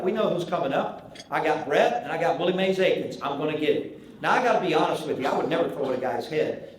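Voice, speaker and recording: A man in his sixties from North Carolina with a Southern accent, telling folksy, animated stories as a banquet keynote speaker. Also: a little high, slight background noise. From Charlotte, North Carolina. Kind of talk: after-dinner storytelling speech. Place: large banquet hall. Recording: echoey banquet hall with faint ambience.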